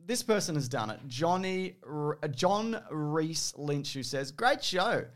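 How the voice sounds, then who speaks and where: A man's voice: on the high side, animated, measured pace. A man co-hosting a podcast, jokey and sweary, bantering in casual chat. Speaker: podcast co-host.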